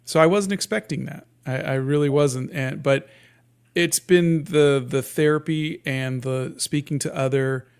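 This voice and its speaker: A man in his fifties, a guest cartoonist talking casually in an interview, in a soft, sleepy-sounding voice with many halting restarts and fillers. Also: fairly high pitch, fairly even intonation, vocal fry, clean tone. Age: 50s.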